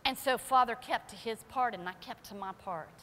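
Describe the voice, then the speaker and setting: A woman pastor giving a fervent testimony sermon in a church service, her preaching climbing into shouted praise. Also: on the high side, moderate pace, long reverb tail, slight background noise. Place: church sanctuary during a service.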